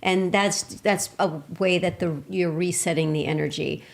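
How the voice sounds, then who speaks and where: A woman's voice: lowish voice, steady tone, measured pace, creaky. A woman co-hosting a qigong session, explaining things in a chatty, casual way with fillers. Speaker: co-host.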